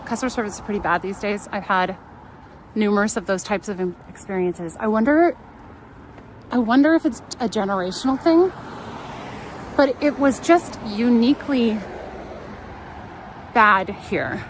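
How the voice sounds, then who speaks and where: A woman's voice: mid-range voice, lively intonation, moderate pace, pauses often, slight background noise, low-quality recording. A woman with a Californian accent, hosting a live travel stream and telling a rambling story from inside a car, laughing often. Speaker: travel livestream host. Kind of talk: casual chat while driving.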